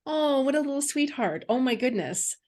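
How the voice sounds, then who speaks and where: Warm exclaiming woman host. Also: sits high, animated. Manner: warm exclamations, slow drawn-out questions. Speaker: podcast host. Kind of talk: interview conversation.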